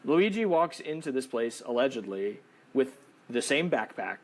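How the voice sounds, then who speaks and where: A man hosting a political podcast, talking in quick rambling bursts. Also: mid-range voice, sing-song. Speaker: podcast host.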